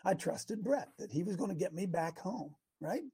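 A man preaching an interactive sermon, animated and quizzing his listeners, bursting into shouts to drive a point home. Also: sits high, moderate pace, breathy edge. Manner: banters with and quizzes the congregation.

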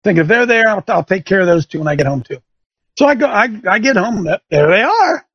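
A man's voice: high voice, sing-song, brisk, fairly bright tone, breathy edge, dry recording, dull audio. A middle-aged man hosting a show, telling a folksy story and turning it into an emphatic sermon-like lesson for listeners. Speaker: show host. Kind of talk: preaching radio monologue. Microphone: studio microphone.

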